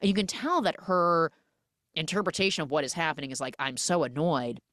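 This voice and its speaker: A woman's voice: on the low side, quick pace, dry recording, studio quality. A woman hosting a casual movie recap podcast, retelling scenes with lots of "like" and acting out what characters say. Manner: animated retelling that acts out characters' lines; frequent filler "like". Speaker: podcast host.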